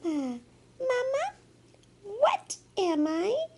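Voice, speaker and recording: A woman voicing a tiny baby walrus that cries for its mother in a high, wailing voice. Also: big pitch swings, slow pace, darkish tone, a little hiss or hum, full character voice. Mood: crying. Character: tiny crying baby walrus calling for mama.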